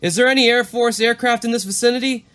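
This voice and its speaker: A man's voice: very high voice, fairly even intonation, fast, a bit bright, voice pushed up. Man doing an alarmed young pilot on the radio. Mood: worried. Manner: urgent, rising, reading from a transcript. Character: anxious young male pilot radioing control.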